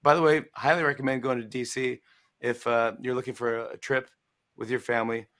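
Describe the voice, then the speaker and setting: A man in his forties with a mid-range voice talks fairly quickly as he casually shares a funny anecdote. As an animated storyteller, he imitates the voices of those he quotes; he's an author appearing as a talk show guest in a promotional livestream interview.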